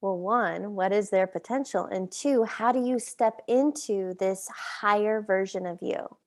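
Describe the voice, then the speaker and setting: A woman hosting an interview, asking reflective, measured questions. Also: medium pitch. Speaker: host. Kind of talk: interview conversation.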